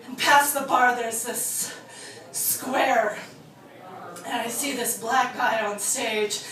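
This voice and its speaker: A woman telling a personal story live on stage, swinging between loud rants and hushed confession. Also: a little high, steady tone, slow. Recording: echoey hall from far off with audience. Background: audience laughter.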